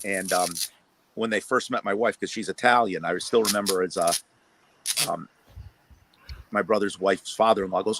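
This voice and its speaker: A man's voice: fairly low pitch, steady tone, moderate pace, fairly bright tone, a little hiss or hum. A man hosting a casual video-call chat, telling jokey stories and laughing often. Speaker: host.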